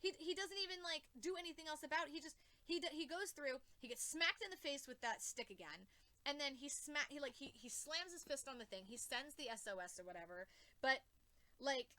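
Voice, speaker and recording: A woman giving casual, rambling commentary as a comics reviewer, excitable and swearing freely. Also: high voice, a little fast.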